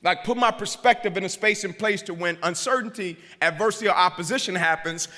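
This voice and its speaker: A man's voice: high voice, bright, forceful tone. A male motivational speaker giving a keynote speech in a preacherly way, repeating lines for emphasis and checking in with the crowd. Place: large hall. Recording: hall reverb.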